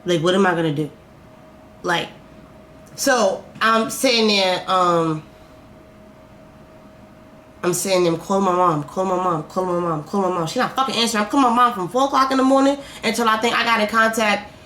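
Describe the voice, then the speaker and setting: A young woman vlogger telling a casual storytime, animated and swearing as she acts out her own reactions. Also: mid-range voice, moderate pace, pauses often. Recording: echoey room, faint noise.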